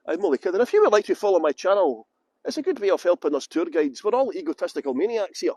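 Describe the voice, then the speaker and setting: A man's voice: sits high, very animated, fast talker, a little mellow, dry recording. A middle-aged tour guide chatting casually on a livestream outdoors in a busy city, joking and rambling as he greets viewers by name into a handheld phone.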